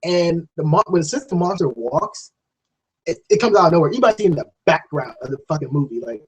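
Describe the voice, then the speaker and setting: A man giving a casual, rambling spoken film review, swearing freely and restarting sentences, often jumping into a high, excited voice to act out scenes. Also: brisk, husky, rough recording. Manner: jumps to high excited voice when acting out scenes.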